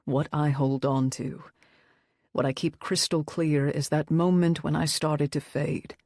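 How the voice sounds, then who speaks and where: Woman doing a soft-spoken wounded rockstar guy, low and quiet, confessional, audiobook, dry close sound. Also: fairly even intonation, unhurried, no room sound. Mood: hushed. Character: troubled male rockstar, soft-spoken and subdued. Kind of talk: audiobook character voice.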